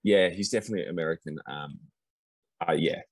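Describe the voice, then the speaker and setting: Deep, husky-voiced man chatting casually. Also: brisk, no echo, poor audio. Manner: rambling, lots of restarts and "yeah yeah". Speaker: podcast guest commentator. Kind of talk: casual chat.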